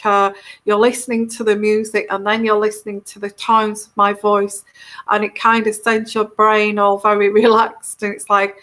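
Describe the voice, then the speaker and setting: A woman's voice: medium pitch, a bit bright. A woman from Northern England with a Yorkshire accent, chatting casually with viewers on a live stream, full of ums and restarts. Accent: Northern English, Yorkshire. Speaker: tarot reader hosting a live chat.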